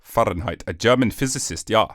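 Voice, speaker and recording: A man hosting a rambling solo comedy podcast, jokey and animated, slipping into silly voices. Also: on the low side, brisk, no echo, studio quality. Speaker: podcast host.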